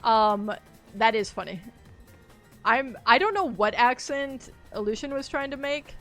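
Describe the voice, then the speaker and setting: A woman's voice: fairly high pitch, animated, measured pace, fairly bright tone, faint music behind. Chatty, giggly woman streamer. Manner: chatty and rambling, laughs easily. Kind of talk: casual gaming livestream chat.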